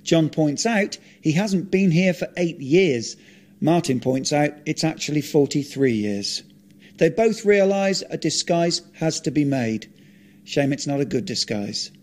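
Male author-reader, deadpan delivery, blunt asides, slightly raised pitch. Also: unhurried. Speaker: author narrating his own script. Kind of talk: reading a script aloud, narration and dialogue.

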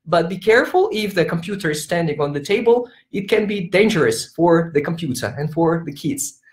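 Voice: mid-range voice, lively intonation, brisk, reverberant. A teacher trainer giving an online conference workshop, playfully demonstrating classroom games by singing and acting out sample lines over a laptop microphone on a video call. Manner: playful, switches into sung and acted teacher voices for demos.

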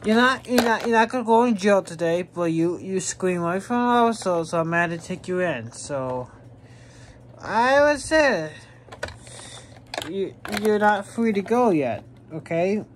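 A woman's voice: mid-range voice, animated, unhurried, slight background noise, pitched below the performer's own voice, close to an everyday voice. A woman voicing a stern male police officer who plods along with fillers as he sorts out paperwork. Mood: calm.

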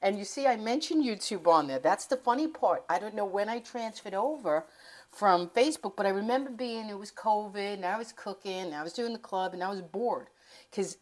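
Speaking fairly quickly and expressively at medium pitch, a middle-aged woman runs her cooking channel from home. Her kitchen chat is casual and meandering, full of self-interruptions.

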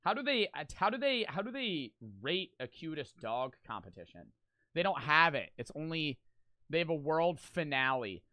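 Male reaction-video host: brash, profane, bright voice, very animated, dry close sound. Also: fairly high pitch, normal speed, no echo. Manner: loud, blunt and profane, with frequent laughter. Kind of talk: casual reaction commentary.

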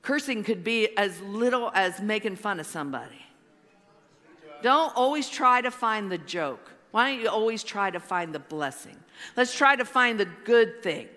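A woman pastor preaching a sermon slowly and emphatically, with dramatic pauses. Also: on the high side, lively intonation, bright, forceful tone. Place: large church hall. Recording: long hall reverb.

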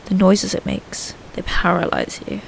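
A woman voicing an eerie, unimpressed woman in a haunted game, giving flat, ominous replies. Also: medium pitch, measured pace, gravelly, a little hiss or hum, heavily acted. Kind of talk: game character dialogue.

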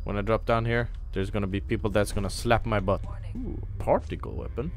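A man commentating a game as host, excitable and jokey, swearing and making mouth sound effects. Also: fairly low pitch, fairly quick, slight background noise. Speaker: gaming host. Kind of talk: let's play commentary.

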